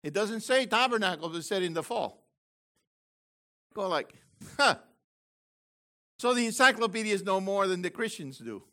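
An older man teaching from the Bible in an excited, exclamatory way, with bursts of shouting. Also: high-pitched, moderate pace. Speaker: preacher.

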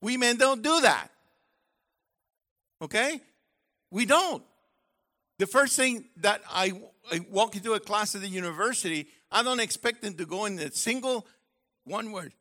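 A man with a high, bright voice delivers a sermon. He is lively and joking, and he slips into playful voices to act out his points. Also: measured pace, long pauses. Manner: animated, jokey, acts out voices. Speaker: preacher; university professor.

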